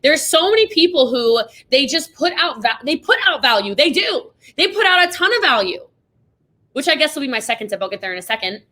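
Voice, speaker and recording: Bright, emphatic woman podcast host. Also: high voice, sing-song. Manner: emphatic, rapid, acts out quoted voices. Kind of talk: motivational business chat.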